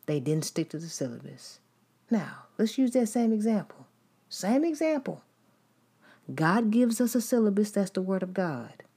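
A woman delivers a sermon, her voice sitting a little low for a woman. She drives her points home through emphatic repetition, stacking line after line. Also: mellow. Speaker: preacher.

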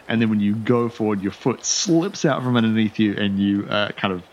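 A man's voice: fairly low pitch, a little fast, lo-fi sound, a little hiss or hum. A young man running a tabletop game as game master, describing scenes in a rambling way with many fillers.

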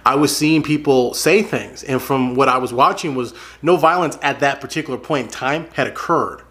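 A man's voice: medium pitch, moderate pace, fairly bright tone. A man giving earnest spoken commentary to his viewers, repeating phrases for emphasis and calling them folks. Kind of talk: casual spoken commentary to camera.

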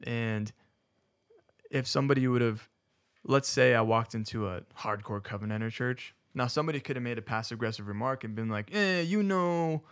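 A man's voice: medium pitch, steady tone, a little fast, fairly bright tone. Rambling, self-correcting man in chat. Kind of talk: casual podcast discussion.

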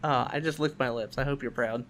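A young man hosting a podcast, telling a work story in a quick, animated way and acting out other people's lines. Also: medium pitch, a crowd in the background. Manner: quick, animated anecdote-telling with voiced quotes. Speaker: podcast host. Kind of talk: casual storytelling chat.

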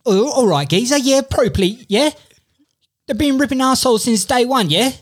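An Aussie man putting on a high cheeky London geezer. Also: lively intonation, normal speed, breathy edge, exaggerated voice. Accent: Australian. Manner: mock Cockney banter, much swearing.

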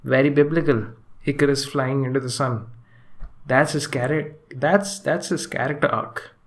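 Halting, chatty man reviewing a movie. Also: mid-range voice, fairly even intonation. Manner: halting and hesitant, frequent restarts and fillers, chuckles often. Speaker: film reviewer. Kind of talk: casual spoken movie review.

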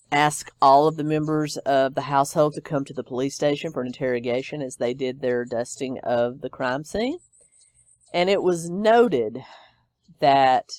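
A man's voice: fairly high pitch, smooth, no echo. A man hosting a true crime podcast, retelling a case in a conversational way, thinking aloud with fillers and asides. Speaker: podcast host.

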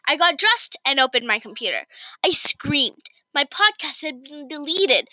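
A woman reading her own story aloud in first person, with an expressive, excited delivery. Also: high voice, dry recording, low-quality recording.

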